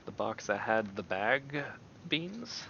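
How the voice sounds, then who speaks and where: A man rambling and exclaiming in a casual, animated way as he chats on camera. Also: on the low side, slow pace, highs cut off, slight background noise. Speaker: video creator. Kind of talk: casual chat while taste-testing.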